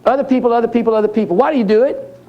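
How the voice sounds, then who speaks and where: A man's voice: extremely high pitch, rapid-fire, dull audio. A man giving a conference talk, telling jokey stories and talking straight to the audience. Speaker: keynote speaker. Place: conference hall.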